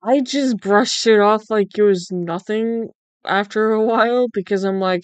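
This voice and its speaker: A woman's voice: mid-range voice, a little slow, smooth, no echo. Woman, young adult, livestreamer, casual chat, incredulous, swears a lot, dry close sound. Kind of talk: casual chat while drawing.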